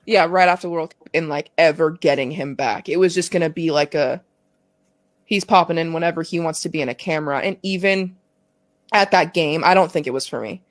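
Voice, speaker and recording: Speaking fairly quickly in a low-pitched voice with no echo, a pro soccer player in her twenties guests on a podcast. She candidly and emotionally recounts a personal story, full of swearing and "like" fillers.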